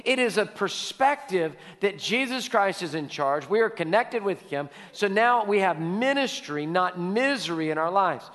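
A man's voice: high voice, animated, moderate pace, fairly bright tone, big-room sound. A male pastor preaching a sermon, telling stories and repeating key lines for emphasis.

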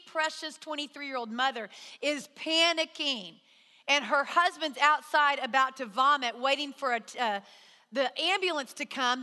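A woman's voice: sits high, bright, forceful tone, big-room sound. A middle-aged woman preaching a sermon, telling a personal story in an earnest, conversational way with frequent restarts. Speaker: speaker at a church.

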